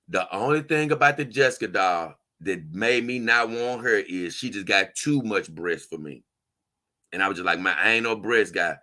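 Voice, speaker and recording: With a lowish, sharp voice and lively intonation, a doll-collecting vlogger casually answers viewer comments at a moderate pace. He's emphatic and slangy, repeats himself, and often trips up and begins again.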